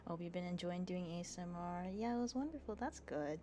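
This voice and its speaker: A woman streamer in her room, speaking softly into an ASMR microphone, reading aloud and chatting with viewers in a giggly way full of fillers. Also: fairly low pitch, brisk, noisy background. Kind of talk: soft-spoken ASMR reading and chat. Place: her bedroom.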